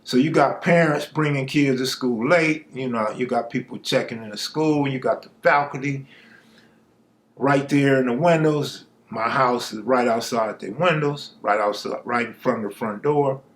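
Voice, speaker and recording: A man's voice: mid-range voice, normal speed. A man from Los Angeles telling a true street story in a laid-back, slangy, conversational way.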